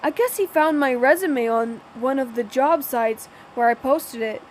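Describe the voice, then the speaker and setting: A woman's voice: sits high, unhurried, slight background noise, rough recording. A woman reading a first-person novel aloud, often stumbling and restarting words. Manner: plain reading with frequent slips and restarts. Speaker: audiobook narrator.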